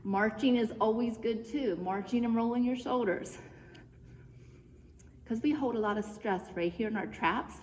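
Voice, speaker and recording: Her voice is fairly high and a little mellow as she coaches viewers through easy home exercises at a moderate pace, slightly winded from moving with them. Chatty and encouraging, she walks through each move in order. The church room she's in echoes, and a faint noise hums underneath.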